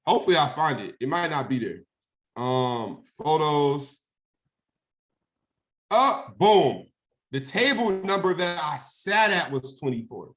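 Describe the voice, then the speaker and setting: A young man, speaking as a guest, relates a personal story in an easygoing manner, acting out phone calls and often asking "right?" His fairly bright voice is on the high side, with big pitch swings, a slow pace, and frequent pauses.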